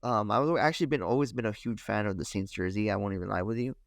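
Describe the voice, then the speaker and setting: A man's voice: lowish voice, quick pace, vocal fry, dry recording, clean studio sound. A man co-hosting a podcast, chatting casually and hedging his opinions. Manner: relaxed, hedging with "honestly". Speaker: podcast co-host. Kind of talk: casual chat.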